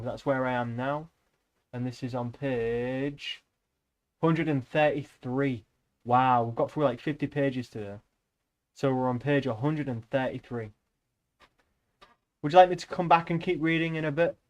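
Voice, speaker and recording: Chatting with his stream audience in an unhurried way, this young man keeps to a normal mid-range pitch. His talk meanders off topic, and he tosses out swear words casually.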